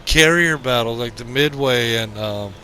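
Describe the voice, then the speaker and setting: A man's voice: medium pitch, measured pace, bright, forceful tone. A middle-aged man hosting a gaming channel, chatting casually over gameplay, rambling and reminiscing, then jokingly bossing an imaginary studio crew.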